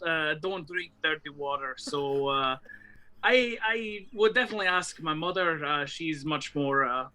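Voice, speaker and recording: Brief: a player doing a halting young Scottish guy, bright tone. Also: mid-range voice, smooth. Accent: Scottish, put on. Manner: halting, lots of uh fillers. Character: young adult male burrow-dweller with a put-on Scottish accent.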